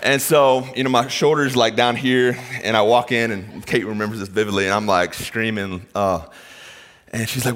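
A man's voice: medium pitch, moderate pace, slight background noise. A man in his thirties, a pastor, telling a funny personal story in a sermon and acting out the people in it. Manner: animated, self-mocking storyteller who acts out quotes. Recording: long hall reverb.

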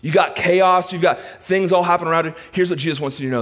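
A middle-aged man preaching a sermon in a church, animated and conversational, swinging between loud excitement and hushed softness. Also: a little high, quick pace, few pauses, long reverb tail. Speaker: pastor. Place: church sanctuary.

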